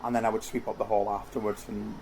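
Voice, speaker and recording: A man's voice: lowish voice, flat delivery, quick pace, vocal fry, darkish tone. A middle-aged man chats about his past as an interview guest. He rambles easily, restarting his phrases and filling gaps. A faint hiss sits under the recording. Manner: chatty, rambling, with many restarts and fillers. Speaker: interview guest, costume house owner. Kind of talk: casual conversational interview.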